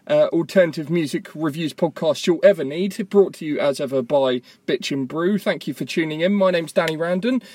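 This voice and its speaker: Chatty man with a brightish voice. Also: fairly high pitch, fairly quick, hardly any pauses. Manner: rambling, self-mocking, chatty. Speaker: podcast host. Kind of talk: casual podcast chat. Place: parked car. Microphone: tablet voice memo app.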